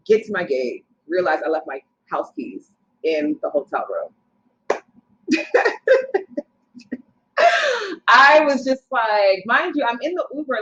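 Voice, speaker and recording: A young woman casually telling a long personal story as a podcast guest, animated and acting out what people said. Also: a little high. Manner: animated, quotes people in her story, quick asides. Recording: slightly dull lo-fi sound.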